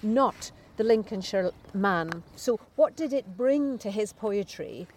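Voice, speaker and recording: A woman presenter interviewing a guest, inquisitive and quick to laugh. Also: mid-range voice, animated, a little mellow, a little hiss or hum. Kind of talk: radio interview.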